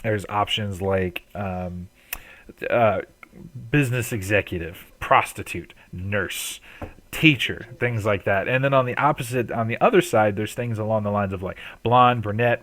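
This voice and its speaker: A man's voice: lowish voice, a little slow, a bit bright, no echo. A man narrating a tabletop game as game master, loose and profane, with frequent ums.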